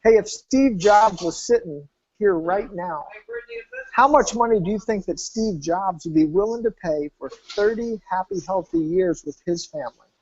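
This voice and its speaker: A man giving an emphatic sales pitch, telling a customer story and speaking straight to the viewer. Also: big pitch swings, normal speed, gravelly, darkish tone, highs cut off. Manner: emphatic, acts out quoted dialogue. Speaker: health program salesman.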